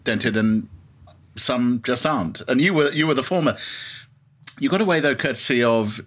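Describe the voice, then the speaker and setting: A man's voice: medium pitch, normal speed, a bit bright, slight background noise. A man hosting a casual lunch interview, asking thoughtful, articulate questions in elaborate phrasing. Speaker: host.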